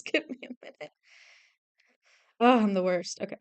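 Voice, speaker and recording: Smooth-voiced woman chatting casually while drawing. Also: medium pitch, normal speed, no room sound. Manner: chatty, rambling, self-deprecating, laughs often. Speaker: streamer and artist.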